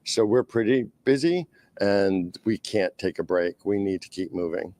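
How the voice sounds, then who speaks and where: A man with a Boston accent, speaking for a skating club at a press conference, pausing often with "uh" and "um". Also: fairly low pitch, a little mellow, dry recording. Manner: halting, frequent "uh" and "um".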